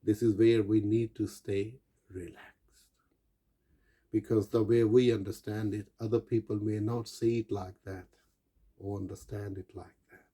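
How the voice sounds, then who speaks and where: A man's voice: fairly low pitch, flat delivery, measured pace, dark tone. A man giving an earnest motivational talk, coaching his listeners and calling them guys. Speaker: self-help speaker.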